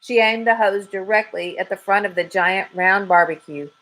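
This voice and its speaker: A woman teacher reading a children's book aloud with soft, expressive storytelling. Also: medium pitch, moderate pace, low-quality recording. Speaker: 3rd grade teacher.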